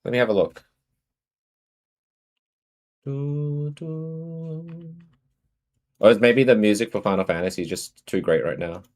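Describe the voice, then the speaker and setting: A man's voice: low voice, fast talker, hardly any pauses, darkish tone. A man with an Australian accent chatting casually on a live stream, greeting and answering his viewers.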